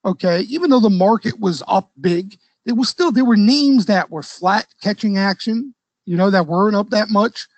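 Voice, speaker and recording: High-voiced man chatting about trading. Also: normal speed, no echo, low-quality recording. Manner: conversational, frequent "okay?" checks, loose trader slang. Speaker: stock trading educator and host. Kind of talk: casual market commentary to a live audience.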